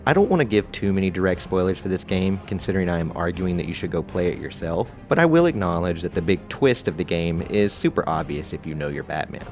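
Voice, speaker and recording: A man narrating a scripted video game review in a relaxed, conversational way with casual asides. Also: low-pitched, quick pace, few pauses, faint music behind.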